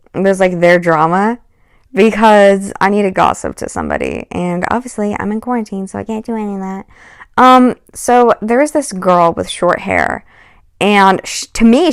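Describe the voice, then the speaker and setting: A woman with a fairly low, clean-toned voice tells a casual storytime on her vlog, recorded at studio quality with no echo. She rambles, piling on "like" and "um" and tossing in exasperated asides.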